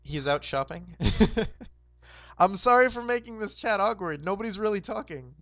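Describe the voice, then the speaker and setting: A hoarse young man hosting a roleplay game, casually recapping the map in a rambling, laid-back way with lots of fillers. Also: sits high, lively intonation, normal speed, a bit bright, dry recording, lo-fi sound. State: hoarse, sore throat.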